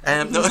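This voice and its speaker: A man hosting a football fan radio show in casual, rambling banter, quick to laugh and full of ums. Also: extremely high pitch.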